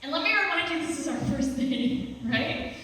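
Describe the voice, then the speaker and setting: Animated woman storyteller in an echoey hall. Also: high voice, moderate pace. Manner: animated, laughing, acts out the other people's lines. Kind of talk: live storytelling performance. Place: small cultural center hall with a small audience. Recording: echoey hall, distant mic, faint hiss.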